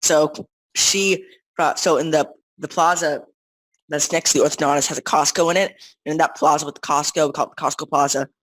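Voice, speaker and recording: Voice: medium pitch, fairly even intonation, a little fast, a bit bright, no room sound, low-quality recording. A teenager chatting casually as a podcast co-host, rambling with lots of restarts and fillers. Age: teens. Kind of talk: casual chat.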